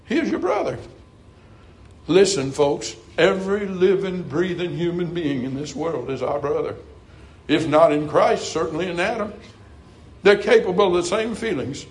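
A middle-aged man preaching a sermon earnestly, climbing to emphatic highs and dropping to soft, quiet passages. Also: expressive, moderate pace, rough recording.

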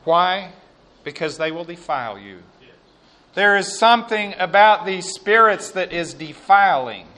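A man preaching a sermon and reading scripture aloud, slow and emphatic, with quiet asides. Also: high voice, lively intonation.

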